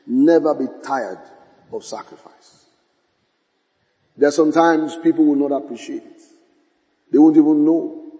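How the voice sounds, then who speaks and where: A man's voice: on the high side, a little slow, pauses often, warm tone. A man preaching a sermon as pastor, shifting into dramatic quoted voices and laughing as he goes. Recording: long hall reverb.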